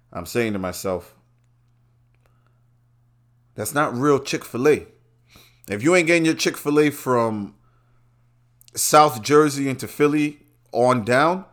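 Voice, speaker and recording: A man, a podcast host talking in a brash, rambling, profane monologue that swings from quiet asides to loud outbursts. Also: fairly low pitch. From Brooklyn, New York. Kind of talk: profane casual commentary monologue.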